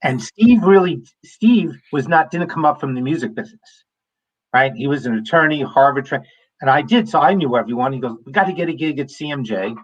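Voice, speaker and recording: A man's voice: medium pitch, expressive, fairly quick, dull audio. A middle-aged man, a guest in an interview, telling music business stories in a candid, blunt way. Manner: candid, blunt, swears casually. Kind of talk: casual interview storytelling.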